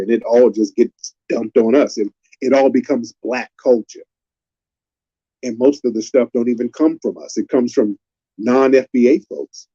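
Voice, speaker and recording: A man's voice: mid-range voice, dark tone, slightly rough, highs cut off. A man hosting a live stream, lecturing in an emphatic, repetitive way.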